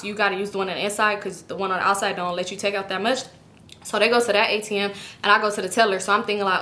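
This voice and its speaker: A woman telling a storytime vlog in a casual, animated, profane way, with chatty asides to her viewers. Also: medium pitch. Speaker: YouTube storyteller.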